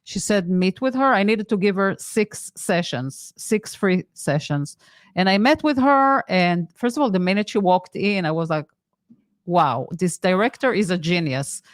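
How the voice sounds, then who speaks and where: A woman in an interview recounts her experiences in a lively conversational way. She acts out the lines of the people in her story. Her voice sits in the middle range and sounds close and dry. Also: mid-range voice, moderate pace, dry recording. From Israel. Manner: animated, acts out quoted dialogue. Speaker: interview guest, hypnotherapist.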